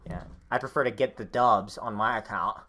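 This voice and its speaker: A man's voice: lowish voice, fairly quick, sharp tone. Young man rambling with lots of filler. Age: young adult. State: has the hiccups. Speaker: podcast co-host. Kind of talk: casual chat.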